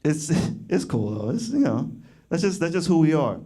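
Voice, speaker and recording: A young man does stand-up in a fairly high voice. He rambles loosely and laughs at his own jokes as he goes. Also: big pitch swings, normal speed, mellow, breathy edge. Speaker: stand-up comedian. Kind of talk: stand-up comedy.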